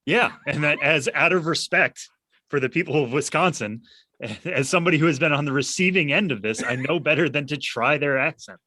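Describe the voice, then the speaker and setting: A man's voice: a little high, a little fast, bright, forceful tone, no echo. A man co-hosting a podcast in casual chat, playful and wry. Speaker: podcast co-host.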